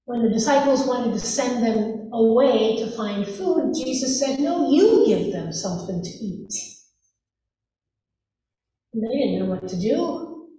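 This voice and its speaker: A woman pastor giving a sermon, telling the story gently and softening to a hush on quoted words. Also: on the high side, expressive, measured pace, a little hiss or hum. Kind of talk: sermon retelling a gospel story. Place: church sanctuary. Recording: echoey church hall from far off.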